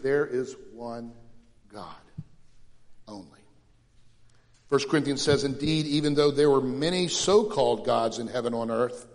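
Male preacher, slow deliberate sermon, big swings loud to hushed, echoey church sanctuary. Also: mid-range voice. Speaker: pastor.

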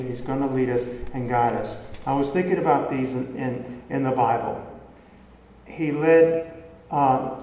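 In a warm, medium-pitched voice, a man preaches conversationally, putting rhetorical questions to his congregation. The recording carries slight background noise and faint ambience, with the long reverb of an echoey hall.

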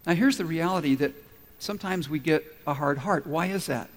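A pastor preaches to his church family, working through his points and acting out little stories along the way. His voice sits a touch high for a man. The long reverb of a church hall trails behind every phrase. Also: a little fast. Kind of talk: sermon. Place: church sanctuary.

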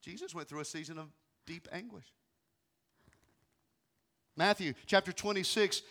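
A man in his thirties, a pastor preaching a sermon, moving from quiet, hushed passages to loud, pleading ones. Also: on the high side, normal speed. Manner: emotional, swings from hushed to loud.

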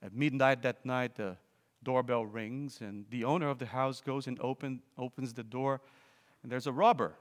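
A man delivers a sermon at a middle pitch, telling a story with halting restarts before rising to loud, urgent appeals. His voice carries a long reverb, as if heard in a large hall. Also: fairly even intonation. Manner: storytelling, swelling to loud emphatic exhortation; hesitant restarts and fillers. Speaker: preacher.

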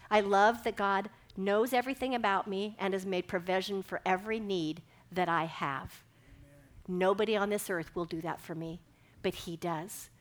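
A woman's voice: mid-range voice, fairly bright tone. A middle-aged woman giving a sermon, telling a personal story and acting out the dialogue with animation. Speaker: speaker giving a devotional talk.

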